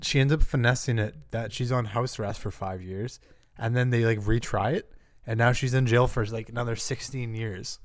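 A man telling a story in casual chat, rambling with constant filler words and jumping into high voices for quotes. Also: steady tone, normal speed, dry recording, clean studio sound.

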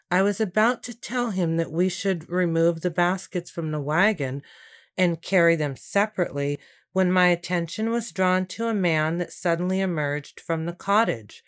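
A woman reads a storybook aloud in a calm, unhurried way. Her voice sits a little low and stays even from line to line. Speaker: audiobook narrator. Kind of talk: scripted storybook narration.

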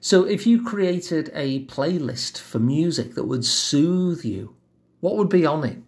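A man giving a calm self-help lesson in a gentle, measured, reassuring way. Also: fairly high pitch. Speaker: wellbeing teacher.

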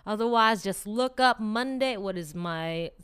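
Here a woman talks to camera in a smooth, mid-range voice that moves a little slowly. As host of a weekly motivation vlog, she rambles animatedly, laughs, teases, and speaks straight to her audience in a casual, motivational chat.

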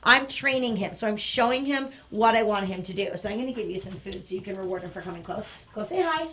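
Woman dog trainer, bright tone, demonstrating outdoors, step-by-step explainer with quick asides to the dog. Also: mid-range voice. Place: outdoors near a train station.

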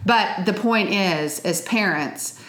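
A woman's voice: mid-range voice, slow, a bit bright. A middle-aged woman co-hosting a Christian parenting podcast, speaking in an earnest, teaching way and quoting scripture. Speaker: co-host and parenting author. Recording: roomy echo.

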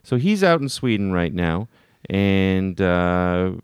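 A man co-hosting a podcast in loose, playful chat, tripping over his words and restarting. His voice is smooth and resonant, a little low, and the recording is dry and close. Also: very animated, slow pace, no room sound. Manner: joking, restarts often, jumpy pitch. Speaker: podcast co-host.

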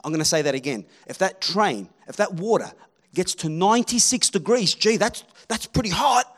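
Preaching at a normal speed in a high-pitched voice, a man whips up his congregation with animated energy, alternating booming calls with quiet stretches.

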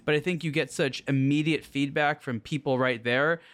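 Male podcast co-host, fairly high voice, dry close mic, loose chatty delivery. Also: fairly even intonation, moderate pace, fairly bright tone, no echo. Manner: thinking aloud, with restarts. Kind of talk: casual chat.

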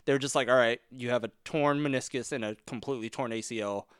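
A man's voice: medium pitch, fast, clear, resonant tone, dry recording, studio quality. A young man hosting a podcast, telling stories in casual chat, laughing and swearing freely. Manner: laughing, animated storyteller who swears freely. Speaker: podcast host. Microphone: studio mic.

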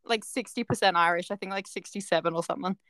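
A woman's voice: fairly low pitch, fast talker, fairly bright tone, no room sound. A young woman with an Australian accent, a podcast guest chatting casually with short, dry answers. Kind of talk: casual chat.

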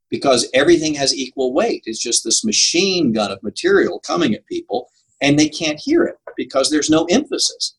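Older guy w a husky voice talking preaching tips, earnest, leans hard on key words. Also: medium pitch, a bit bright, rough recording. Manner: earnest, emphatic, laughs at himself. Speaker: preaching coach. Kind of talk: conversational interview answers.

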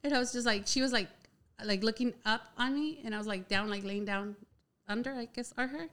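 Young woman guest, smooth clear voice, chatty storyteller who leans on "like" constantly. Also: fairly high pitch, fairly quick. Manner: chatty, heavy use of "like" filler, animated retelling. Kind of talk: casual personal storytelling.

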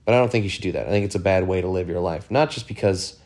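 A man's voice: low-pitched, racing, darkish tone. A man hosting a podcast on his own, talking frankly in a rambling, profane way, full of fillers. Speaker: podcast host. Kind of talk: casual solo monologue.

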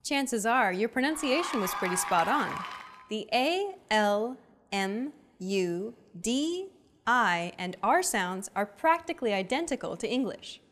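A young adult woman hosting a language lesson, with clear, upbeat, teacherly scripted narration. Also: fairly high pitch, very animated, measured pace, fairly bright tone, a little hiss or hum.

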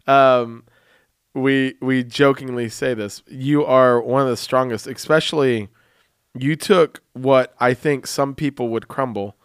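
A young man hosting a podcast, talking in a rambling, jokey, animated way. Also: mid-range voice, a little slow, clear, resonant tone, no room sound, clean studio sound. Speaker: podcast host. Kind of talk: casual chat.

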